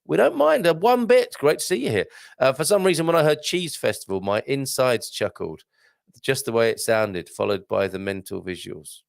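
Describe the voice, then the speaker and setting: A man hosting a live stream, chatting and reading out viewer comments with lively exclamations. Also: medium pitch, moderate pace, vocal fry, dry recording, clean studio sound. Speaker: host.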